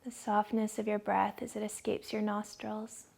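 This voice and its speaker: A woman yoga instructor leading a gentle class from her living room in a slow, soothing guiding voice. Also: medium pitch, completely flat delivery, vocal fry.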